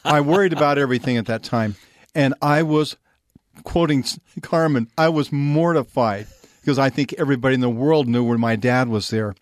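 Male guest, mid pitch, dry studio sound, reflective. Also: brisk, dry recording. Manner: warm, reflective, personal. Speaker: regular guest. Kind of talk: casual radio chat.

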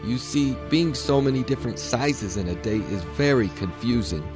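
A man's voice: medium pitch, expressive, moderate pace, music in the background, pitched above the performer's own voice, lightly acted. A man doing Alice, a shy, polite young girl. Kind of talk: storybook reading.

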